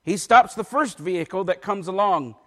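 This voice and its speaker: High-voiced preacher man in a reverberant hall. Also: expressive, moderate pace, bright, forceful tone. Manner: emphatic preaching delivery, reads scripture aloud. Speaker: pastor. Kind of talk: sermon. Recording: long reverb of a large hall.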